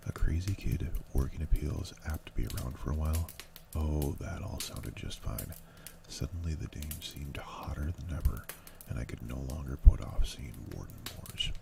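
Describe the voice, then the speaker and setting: A man reading a novel aloud in a low, unhurried ASMR audiobook style, sometimes dropping to a breathy near-whisper. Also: recorded from a distance. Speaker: ASMR channel reader. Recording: steady keyboard clicks behind.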